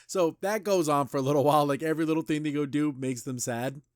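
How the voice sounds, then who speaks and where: Speaking fast in a fairly high voice, this podcast host gives a loose retelling of a cartoon episode, full of "like" and restarts. The recording has a clean studio sound with no room echo.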